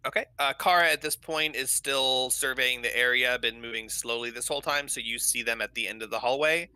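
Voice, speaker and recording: A man's voice: mid-range voice, brisk, sharp tone, clean tone, no echo. A man running an online tabletop game as game master, patiently laying out options for the players.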